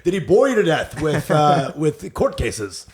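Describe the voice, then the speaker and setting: A man hosting a comedy podcast with a slightly high voice that swings up and down as he jokes. He tells crude stories in loose banter and laughs often along the way. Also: big pitch swings, measured pace, over a noisy crowd. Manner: crude, joking storyteller who laughs often. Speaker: podcast co-host.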